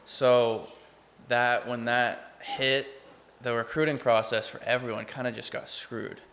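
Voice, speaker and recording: A man's voice: mid-range voice, steady tone, unhurried, vocal fry, fairly bright tone. Earnest young Texan guy rambling. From Texas. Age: young adult. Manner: rambling, restarts often, earnest. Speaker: college baseball player, guest. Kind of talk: casual interview chat.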